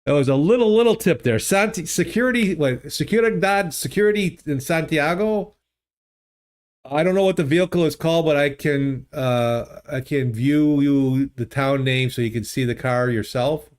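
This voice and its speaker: A man hosting a livestream, chatting casually and thinking aloud in a halting, easygoing way while playing a geography game. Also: a little high, darkish tone. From United States. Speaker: livestream host. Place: home streaming studio. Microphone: studio desk microphone.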